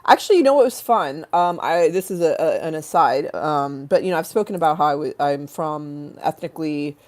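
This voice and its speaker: A woman with a notably low, hoarse voice, still rough from a flu, chats casually as a livestream host. She rambles and jokes, drops curse words freely, and wanders off into one tangent after another. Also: lively intonation, a little fast, a little mellow. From United States. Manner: rambling, jokey, swears freely, goes off on tangents.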